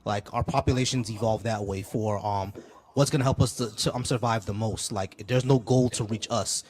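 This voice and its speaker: A man's voice: lowish voice, fairly even intonation, normal speed, darkish tone. A man hosting a live call-in debate stream, chatting casually with many fillers and restarts.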